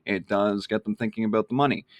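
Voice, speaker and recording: Walking through his email marketing casually, this vlogger rambles with lots of fillers, speaking quickly in a lowish, steady voice. The recording has no room sound, but its highs are cut off.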